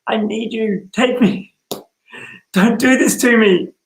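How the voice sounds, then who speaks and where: A man's voice: high voice, takes it slowly, creaky, echoey room, a little hiss or hum, pitched above the performer's own voice, heavily acted, poor audio. A man voicing a desperate, lovesick man who pleads melodramatically with his lover. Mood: pleading.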